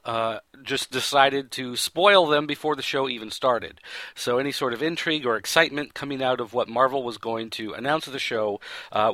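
Bright-voiced man rambling casually. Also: mid-range voice, no room sound. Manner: rambling, with many fillers and self-corrections. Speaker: podcast host. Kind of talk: casual spoken recap.

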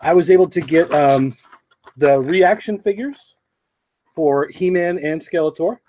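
A man's voice: on the high side, a little slow, warm tone. A man producing a podcast, chatting casually on a livestream from a small control booth, rambling with many ums. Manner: rambling, with many fillers and restarts.

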